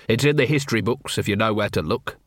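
A man's voice: lowish voice, quick pace, a bit bright, no echo. A man voicing a dry, world-weary middle-aged watch captain in an audiobook.

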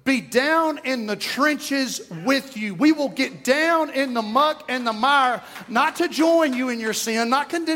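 A man's voice: very high voice, measured pace, few pauses, pushed and bright. A man with an East Texas accent, a pastor preaching a folksy, joking, conversational sermon in church. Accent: East Texan. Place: church sanctuary.

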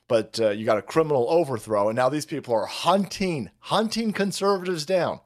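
Brief: male stream host, crude political rant, mocking, wildly swinging pitch. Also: very animated, a little fast, hardly any pauses. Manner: crude, mocking, swings between high sarcastic mimicry and low grumbling. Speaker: livestream host.

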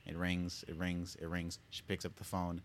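A man's voice: deep voice, moderate pace, slight background noise. A young man co-hosting a casual podcast, telling stories and acting out the quoted lines. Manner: animated storyteller acting out quotes. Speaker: podcast co-host. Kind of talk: casual chat.

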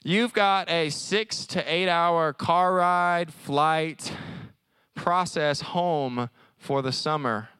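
A man preaching at a college service in a conversational, animated way, often acting out little voices. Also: a little high, drawn-out words, clear, resonant tone, dry recording. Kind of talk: sermon.

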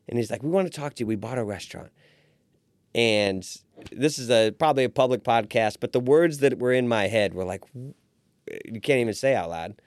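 A man in his forties tells a long personal story in a casual podcast interview. He voices each quoted person with lively jumps in tone, at a mid-range pitch. He is recorded close on a podcast microphone in a dry room. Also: fairly quick, no room sound. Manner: animated storyteller who acts out quoted voices. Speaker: restaurant owner, podcast guest.

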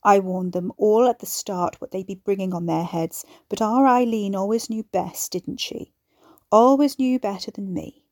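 A woman's voice: medium pitch, a little fast, warm tone, dry recording, clean studio sound, lightly acted. A woman voicing an older woman on the phone who speaks in a hard, cold, commanding way.

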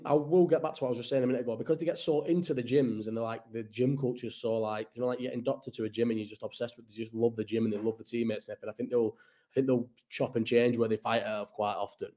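A man's voice: mid-range voice, quick pace, warm tone. A young man hosting a casual live-chat stream, rambling, swearing and answering viewers' comments as he goes. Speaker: livestream host.

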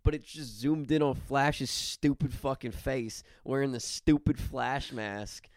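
A man's voice: medium pitch, steady tone, unhurried, no echo, clean studio sound. A man co-hosting a podcast, delivering profane, sardonic rants in casual banter. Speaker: podcast co-host.

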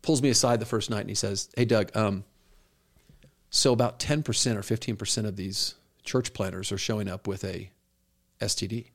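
A man's voice: fairly low pitch, steady tone, moderate pace. A middle-aged man, a pastor co-hosting a podcast, talking earnestly and telling stories with quoted dialogue. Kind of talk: conversational podcast talk.

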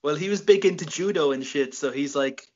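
A man's voice: on the high side, fairly quick, a little mellow, muffled recording. A young Irish man hosting a casual late-night podcast, swearing freely and laughing at his own jokes. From Ireland. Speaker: podcast host.

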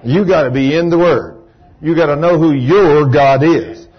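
A man preaching a sermon, telling a story with lively emphasis and asking the congregation questions. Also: on the high side, moderate pace, husky. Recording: dull lo-fi recording.

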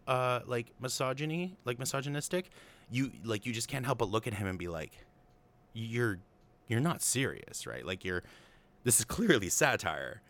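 A man with a slightly low voice talks through a film plot in easy, casual chat. He is amused and opinionated, filling his talk with fillers and restarting his sentences as he goes. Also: a bit bright.

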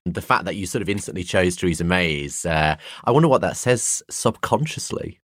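A man's voice: low-pitched, expressive, brisk, fairly bright tone, no room sound, studio quality. A male host interviewing a comedian, asking playfully probing questions with a wry tone. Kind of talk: casual podcast interview.

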